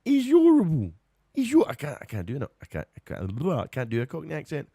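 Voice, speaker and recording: A man's voice: mid-range voice, expressive, fast talker, vocal fry, darkish tone, dry recording, clean studio sound. A Scottish man hosting a live radio stream in casual, rambling chat, often breaking into giggles, and a little tired. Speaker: radio show host.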